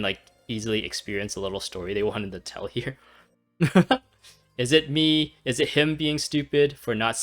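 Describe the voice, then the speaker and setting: A man casually commenting on a video game, chatty and quick to laugh, with plenty of fillers. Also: fairly low pitch, fairly bright tone. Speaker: gaming channel host. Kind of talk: casual let's-play commentary.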